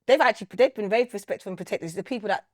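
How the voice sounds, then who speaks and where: A woman from the United Kingdom, a singer, chatting as a guest in a podcast interview with animated storytelling. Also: medium pitch, racing, no echo, clean studio sound. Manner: animated storytelling, acting out quotes. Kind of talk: casual interview chat.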